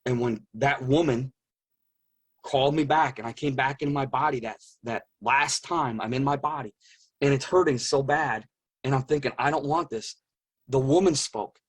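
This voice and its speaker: Middle-aged man, husky timbre, earnest interview storyteller, hushes at the intense beats. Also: medium pitch, normal speed. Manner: earnest, repeats phrases for emphasis, drops to a hush at intense moments. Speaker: guest telling his near-death experience.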